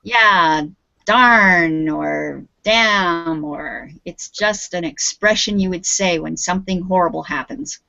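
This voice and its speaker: A woman's voice: on the low side, slow, gravelly, pushed and bright. A woman with a Canadian accent, teaching an English lesson over a video call and patiently prompting her students. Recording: dull lo-fi video call audio.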